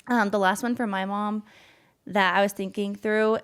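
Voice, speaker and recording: A young woman with a medium-pitched, fairly even voice speaks at a moderate pace in a clean tone. Co-hosting a casual podcast, she's warm and heartfelt, becoming emotional about her mom.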